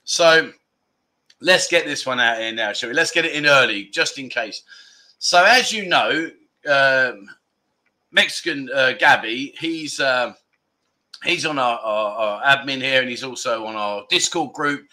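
A man hosting a casual livestream, chatty and quick to laugh as he greets viewers and rambles through stories. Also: mid-range voice, pushed and bright. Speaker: livestream host.

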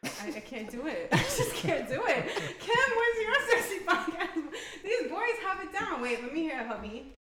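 Woman co-host, bright-pitched and playful, quick to laugh, recorded in an echoey room. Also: very animated, over a noisy crowd. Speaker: podcast co-host. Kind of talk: casual chat.

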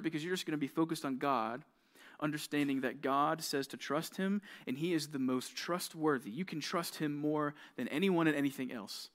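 Animated young man preaching to teens. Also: a little high, brisk. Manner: conversational, animated storytelling with quoted voices. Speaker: junior high youth pastor. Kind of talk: youth sermon.

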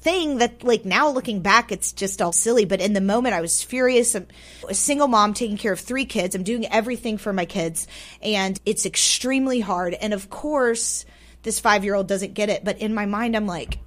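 A woman telling a personal story as a radio guest, swinging between loud and hushed, often repeating words for emphasis. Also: medium pitch, moderate pace. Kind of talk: personal story told aloud. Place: radio studio.

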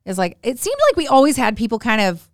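A woman's voice: fairly high pitch, sing-song, fast talker, no echo, clean studio sound. A woman in her forties telling family stories in a casual chat, acting out the people she quotes with big jumps in her voice. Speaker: podcast guest. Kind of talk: casual storytelling.

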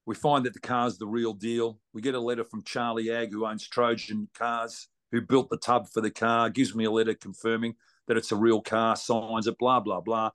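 A man's voice: lowish voice, little pitch movement, normal speed, fairly bright tone. A man with an Australian accent, a racing guest telling a long story in a blunt, salty, colloquial way. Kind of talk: casual storytelling.

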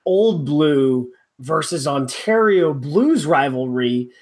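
A man's voice: on the high side, lively intonation, slow pace. Male podcast co-host with a slightly raised voice, rambly and wry, full of fillers. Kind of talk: casual podcast chat.

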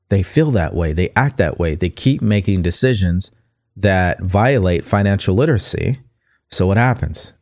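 Low-voiced man giving motivational talk. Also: darkish tone, no room sound, clean studio sound. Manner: repeats and slows down key lines for listeners. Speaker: podcast host. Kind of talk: motivational talk, reading aloud from a book.

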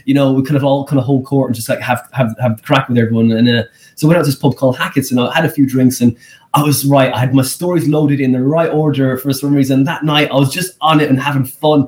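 An Irish man, a comedian and guest, telling rambling, animated stories in a casual podcast interview. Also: quick pace. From Ireland. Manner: animated, rambling storyteller with pitch leaps.

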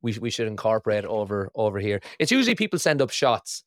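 A man's voice: fairly low pitch, big pitch swings, fast, dry recording, studio quality. An Irish man in his early thirties, hosting a podcast in casual chat, swearing freely and laughing at his own stories over a remote call. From Ireland. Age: early 30s. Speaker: podcast host.

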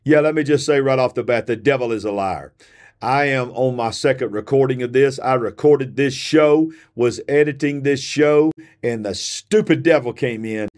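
A man's voice: mid-range voice, normal speed, darkish tone. A tired man hosting a spiritual podcast, preaching in a fiery, emphatic voice that circles back to repeat its points. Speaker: preacher and show host. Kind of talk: fiery sermon-style podcast.

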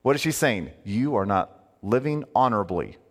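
A man preaching a sermon in a conversational, animated way, full of asides and rhetorical questions. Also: lowish voice, normal speed, in a large hall. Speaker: pastor.

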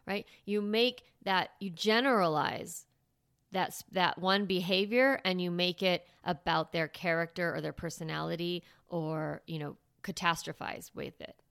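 A parenting podcast host with a low, gravelly yet smooth and slightly bright voice talks at a moderate pace. Her casual advice comes out chatty, with frequent fillers and restarts, in studio-quality audio with no echo.

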